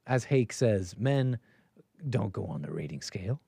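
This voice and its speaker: A man's voice: on the low side, lively intonation, a little slow, vocal fry, dark tone, husky, no room sound. Man, stream host, sarcastic, rambling, repeats himself, dry close sound. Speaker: streamer host reacting to a clip. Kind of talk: casual live-stream commentary.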